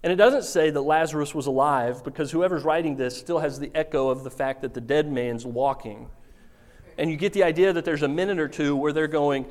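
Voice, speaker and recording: A man's voice: a little high, a little fast. Storytelling male pastor preaching. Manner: acts out quoted voices, lively storytelling. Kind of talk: sermon.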